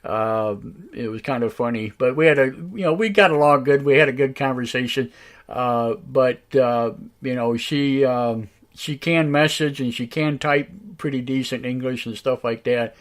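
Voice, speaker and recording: A man hosting a live online radio show, talking in a halting, casual way with many fillers and restarts, his voice a bit raspy tonight. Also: medium pitch. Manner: slow, drawn-out talk. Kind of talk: casual live-stream talk.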